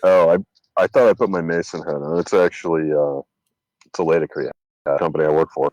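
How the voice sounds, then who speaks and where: A man's voice: a bass voice, steady tone, a little fast, darkish tone, dry recording, low-quality recording. A man co-hosting a podcast, laid-back and answering briefly in casual chat. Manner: laid-back, short replies. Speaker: podcast co-host. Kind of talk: casual chat among friends.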